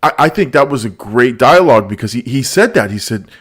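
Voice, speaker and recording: A man hosting a relaxed podcast, talking in a mid-range voice. He tells stories animatedly, acting out lines and laughing along. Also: mid-range voice, fast, few pauses. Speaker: podcast host. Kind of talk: casual movie review chat.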